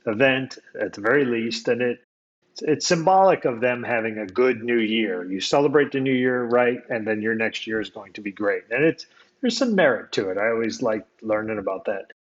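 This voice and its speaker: A man from the United States tells a personal story in a relaxed, reflective conversational way. He talks at an ordinary pitch and often circles back and restarts his sentences. The recording sounds somewhat dull and lo-fi. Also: normal speed. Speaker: guest storyteller.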